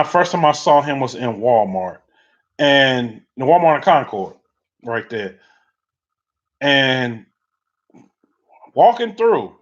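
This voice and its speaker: Rambling man telling stories on a lo-fi stream. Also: mid-range voice. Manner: loose, rambling storyteller. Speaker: livestream host. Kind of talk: casual chat reading viewer comments. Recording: dull lo-fi audio.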